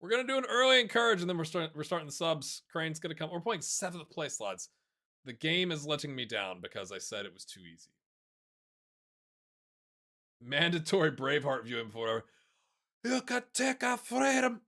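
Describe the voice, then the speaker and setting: A man giving casual, excitable commentary on a football management game, chatting to his viewers and calling the players lads. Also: on the high side, fast. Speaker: gaming YouTuber. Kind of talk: casual let's-play commentary.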